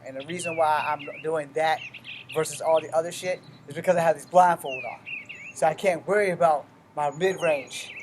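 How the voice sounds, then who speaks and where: With a mid-range, darkish voice and a faint hiss or hum on the track, he runs a relaxed weapons demonstration. The explanations come step by step as he drills, delivered bluntly and loaded with curse words.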